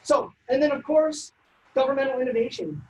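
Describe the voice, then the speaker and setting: A woman presenting a civics workshop, lecturing in a brisk, conversational way with frequent ums and uhs. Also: sits high, warm tone, lo-fi sound. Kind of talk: informal lecture.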